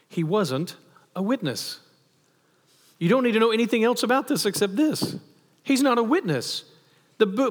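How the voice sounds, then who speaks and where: A man's voice: a little high, fairly bright tone. A man preaching a sermon in a conversational way, asking rhetorical questions and adding emphatic asides. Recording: long reverb of a hall.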